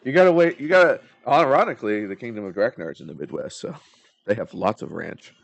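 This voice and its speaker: A man's voice: lowish voice, lively intonation, brisk, creaky, no room sound, lo-fi sound. Laid-back man running a tabletop game. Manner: loose, hesitant explaining with fillers and restarts. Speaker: game master.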